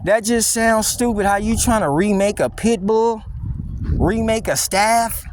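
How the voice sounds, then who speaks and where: Mocking high-voiced man ranting outdoors. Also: measured pace, a little hiss or hum. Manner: blunt, mocking, slangy rant. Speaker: dog vlogger. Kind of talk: casual walking vlog monologue. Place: outdoors on a windy wooded walk.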